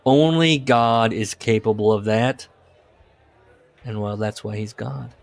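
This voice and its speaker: A man co-hosting a casual comedy podcast, reading book passages aloud with mock solemnity and laughing often. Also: medium pitch.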